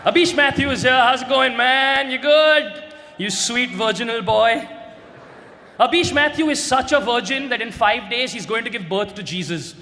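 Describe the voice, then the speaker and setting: A young man, performing a stand-up roast set and shouting his punchlines brashly. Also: extremely high pitch, moderate pace. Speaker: roast comedian. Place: large indoor stage venue. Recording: live hall with reverb and crowd noise.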